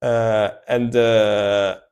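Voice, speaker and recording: A man's voice: lowish voice, level tone, extremely slow, darkish tone, clear, resonant tone. Rambling Italian-accented streamer, man. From Italy. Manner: rambling, self-deprecating, repeats words. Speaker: music reaction streamer. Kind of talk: casual live-stream commentary.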